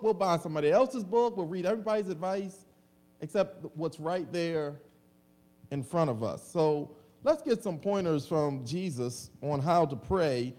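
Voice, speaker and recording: A male pastor delivering a lively, humorous sermon to a congregation, acting out comic voices. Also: high-pitched. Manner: animated preaching with comic voices and laughter.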